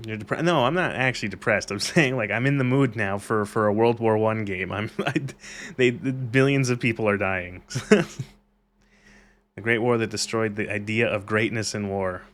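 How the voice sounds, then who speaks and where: Joking low-voiced man streaming a game. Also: normal speed, a bit bright. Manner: joking, self-mocking, laughs a lot. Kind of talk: casual gaming stream chat.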